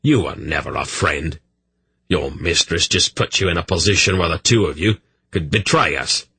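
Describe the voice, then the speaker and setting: A man voicing a betrayed smith who speaks in a dreadfully quiet, cold voice. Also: sits low, moderate pace, vocal fry, breathy edge, no echo, full character voice. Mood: quietly furious. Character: angry, betrayed male smith.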